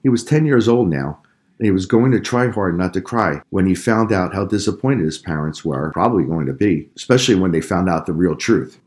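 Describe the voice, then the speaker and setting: A man narrating a children's story in a calm, measured way. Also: deep voice.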